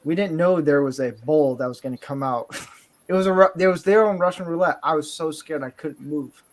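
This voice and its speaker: A man's voice: a little high, brisk. A man chatting casually on a stream, rambling and joking, often cutting himself off mid-sentence. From southern Florida. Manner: rambling, joking, self-interrupting. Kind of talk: casual chat. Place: California home.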